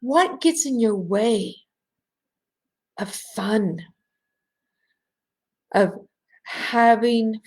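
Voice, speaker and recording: Slow, bubbly woman hosting a live session. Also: fairly high pitch, lively intonation. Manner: bubbly, laughs often, speaks directly to the audience; soft and slow when guiding breathing. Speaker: host of an online women's gathering. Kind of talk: live-streamed coaching talk with guided breathing. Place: at home.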